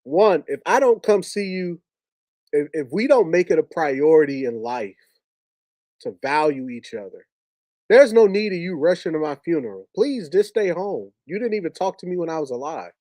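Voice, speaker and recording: Man, slightly higher voice, dry close sound, emotional storytelling, repeats himself. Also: big pitch swings, moderate pace, darkish tone, dry recording. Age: adult with a wife and two young kids. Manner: emotional, repetitive, with many restarts. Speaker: speaker sharing a personal grief story. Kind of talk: heartfelt storytelling to an audience.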